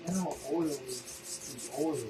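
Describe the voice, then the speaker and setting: A woman's voice: low-pitched, moderate pace, over music. A woman off camera reading out viewer comments and giving short, matter-of-fact corrections.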